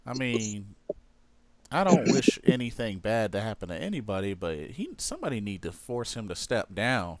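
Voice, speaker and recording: A man's voice: fairly low pitch, sing-song, moderate pace, crowd noise. A man co-hosting a casual wrestling podcast, agreeable and hesitant, with many ums and you-knows. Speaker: podcast co-host.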